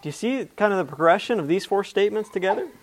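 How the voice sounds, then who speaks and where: Male preacher with a high voice, earnest delivery, reads scripture with emphasis. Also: expressive, quick pace, a little hiss or hum. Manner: repeats words and restarts mid-phrase. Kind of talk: sermon.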